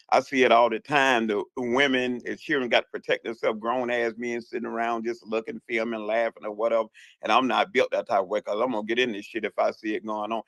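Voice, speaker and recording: A man's voice: medium pitch, fairly bright tone, no room sound. A man with a Southern US accent calling into an online audio room, talking bluntly and emphatically with plenty of profanity. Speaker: caller. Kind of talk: casual call-in chat.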